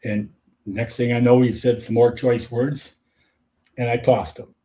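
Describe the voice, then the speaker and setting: An older man hosts a relaxed chat and tells stories from years of umpiring. He is chatty and laughs along with his own punchlines, in a middle-pitched voice. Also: measured pace. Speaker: host, former softball umpire. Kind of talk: casual storytelling chat.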